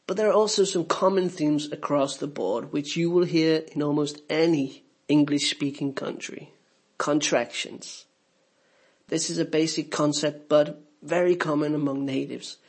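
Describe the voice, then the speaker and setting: A man reads a scripted English lesson in an explanatory, teacherly way. His voice sits a little high, with a gravelly, husky edge. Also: fairly even intonation, moderate pace.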